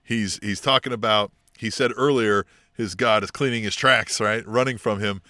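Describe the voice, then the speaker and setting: Male podcast co-host, lowish, tense bright tone, casual and chuckly. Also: fairly even intonation, normal speed, dry recording, clean studio sound. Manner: chuckling, keeps asking "right?". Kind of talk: casual wrestling podcast chat.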